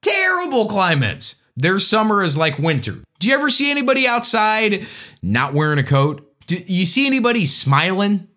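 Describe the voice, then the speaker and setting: A man's voice: high-pitched, very animated, moderate pace, pushed and bright. A man giving a casual, joking, opinionated monologue as a commentator.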